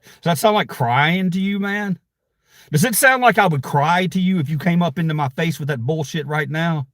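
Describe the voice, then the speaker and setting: A man's voice: a little high, moderate pace, a bit bright, no echo, clean studio sound. A man hosting his own channel, ranting angrily at online critics in a heated, profane, confrontational way. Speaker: channel host. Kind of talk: angry livestream rant.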